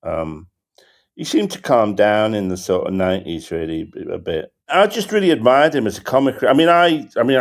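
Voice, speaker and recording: An older man, a comedian hosting a podcast, telling rambling anecdotes with lots of halting restarts and fillers. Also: fairly low pitch. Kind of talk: casual anecdotal chat.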